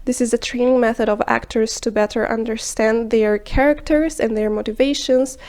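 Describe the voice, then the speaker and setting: A woman narrating a scripted film review video in a measured, explanatory way, sometimes dropping into hushed asides. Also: fairly high pitch, fairly even intonation.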